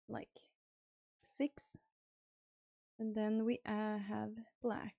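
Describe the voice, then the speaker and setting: A young woman streaming live, chatting casually and squealing excited thanks to donors. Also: medium pitch, very slow, gravelly, long pauses, no room sound.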